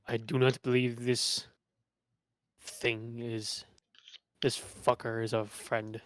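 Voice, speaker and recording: Man doing a gruff companion, low flat mutter, slow, tabletop game. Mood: grim. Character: gruff male companion Neldra.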